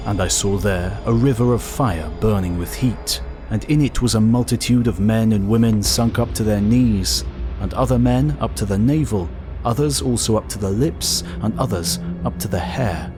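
Low-voiced man reading archaic scripture. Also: music in the background. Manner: slow, solemn, archaic phrasing. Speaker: reader.

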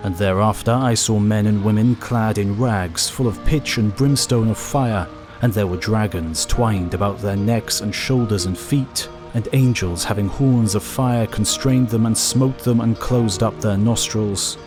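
Male reader, low voice, solemn scripture narration, faint music bed. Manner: slow, solemn, archaic phrasing. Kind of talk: scripted reading of archaic scripture.

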